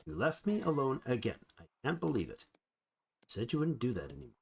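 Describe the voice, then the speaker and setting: A man voicing a female pig scolding her mate for leaving her alone, in a quick, mostly plain voice. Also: medium pitch, wildly swooping pitch, vocal fry, husky, exaggerated voice.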